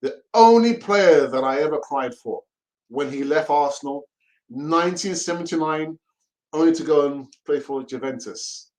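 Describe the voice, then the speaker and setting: A man's voice: fairly high pitch, expressive, moderate pace, a little mellow, poor audio. A middle-aged man, hosting a casual football fan live stream, chatty and repeating himself as he laughs along with the chat.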